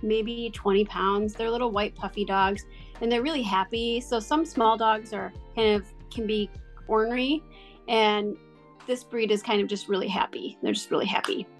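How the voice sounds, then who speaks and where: A woman talking in a casual chat, chatty and animated with lots of fillers. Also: medium pitch, moderate pace, faint music behind.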